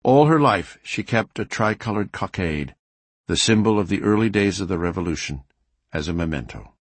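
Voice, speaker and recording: Male audiobook narrator, low husky voice, lively intonation, measured scripted delivery. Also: no room sound. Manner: measured, expressive reading with varied emphasis.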